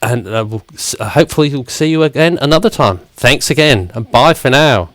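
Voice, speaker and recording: A man's voice: mid-range voice, lively intonation, a little fast, a bit bright, slight background noise. A man hosting a live-stream interview, friendly and rambling with frequent hesitations. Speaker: live-stream show host. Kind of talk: casual interview chat.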